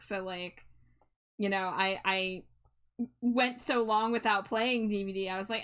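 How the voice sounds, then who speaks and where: A woman's voice: mid-range voice, a bit bright. A young woman streaming live, chatting casually and laughing often at herself. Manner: chatty, self-deprecating, quick to laugh. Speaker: streamer host. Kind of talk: casual chat.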